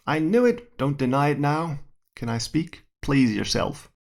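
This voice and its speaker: Guy putting on a pushy flat earther, accusing, fake accent, gravelly, pitched up and loud. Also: a little slow, heavily acted. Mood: triumphant. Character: aggressive male flat-earth heckler, accusing and smug.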